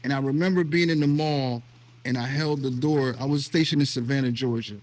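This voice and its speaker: A middle-aged man from the United States talks through personal stories in a casual chat. His pitch sits in an ordinary middle range. He speaks earnestly and with feeling, often restarting his sentences. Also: fairly even intonation, fairly quick, darkish tone. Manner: earnest storytelling, emotional, with repeated restarts. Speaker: vlog host. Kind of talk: casual conversation.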